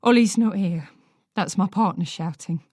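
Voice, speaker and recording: A woman's voice: medium pitch, normal speed, a little mellow, dry recording, clean studio sound, close to an everyday voice. A woman voicing a flustered older woman with an East London accent, wary and fluttery.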